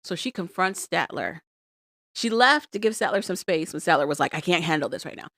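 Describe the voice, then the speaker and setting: A woman co-hosting a podcast, recapping reality TV in an animated, exasperated, emphatic way. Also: lowish voice, fairly quick, no room sound, studio quality. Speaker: podcast co-host. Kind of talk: casual chat recapping reality TV.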